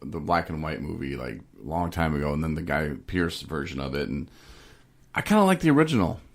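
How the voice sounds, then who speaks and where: A man's voice: rumbling low, very animated, a little fast, vocal fry. A man hosting a casual podcast, rambling and joking, often laughing. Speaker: podcast host.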